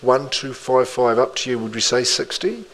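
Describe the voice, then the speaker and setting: A New auctioneer calling bids live in an indoor room. He keeps up a rhythmic patter at a mid-range pitch, repeating the figures over and over and dropping in quick friendly asides. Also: lively intonation, a bit bright, poor audio.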